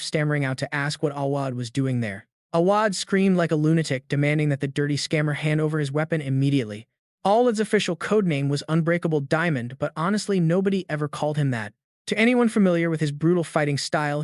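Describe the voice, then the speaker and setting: A man narrating a comic-fantasy story recap in a brisk, dramatic storytelling manner. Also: fairly high pitch, no echo, studio quality.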